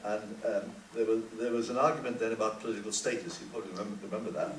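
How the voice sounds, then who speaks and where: Older male panelist, halting reminiscence, echoey distant recording. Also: lowish voice, steady tone. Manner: halting, repeats words often. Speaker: panel guest. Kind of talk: reflective panel talk. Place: conference hall. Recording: roomy hall, distant mic, faint hiss.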